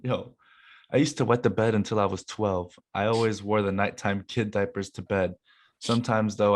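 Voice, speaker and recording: Laid-back young man, low voice. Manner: animated storyteller, laughs often. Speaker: co-host reading confessions. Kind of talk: casual chat.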